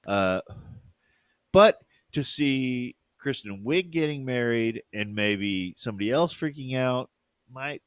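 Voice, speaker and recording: A man's voice: mid-range voice, lively intonation, slow, clear, resonant tone, no room sound. Rambling, laughing man in a dry room. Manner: rambling, laughing storyteller with many fillers. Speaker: podcast co-host. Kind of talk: casual chat.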